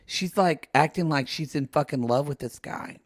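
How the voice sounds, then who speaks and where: A man's voice: a little high, moderate pace, no echo, clean studio sound. A man co-hosting a podcast, recapping a reality show in gossipy, emphatic casual chat and swearing freely. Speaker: podcast co-host.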